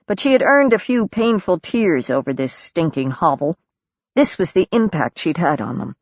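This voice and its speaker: Deep-voiced and even-paced, a female audiobook narrator works through a novel in a scripted, calm reading. The dry recording comes across as dull and lo-fi.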